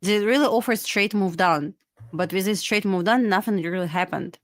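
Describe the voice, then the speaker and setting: Woman w russian accent, mid pitch, dry close sound, kinda halting like she's thinking out loud. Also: dry recording. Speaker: co-host trader. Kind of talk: casual live-stream chat.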